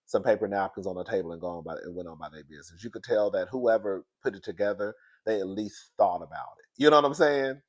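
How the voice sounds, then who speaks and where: A man with a fairly low voice talks through a reality show recap in a loose, gossipy way, calling everyone "girl." His nose sounds stuffed up from crying. The delivery is relaxed and conversational. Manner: chatty, talks to listeners as "girl". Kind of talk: casual recap chat.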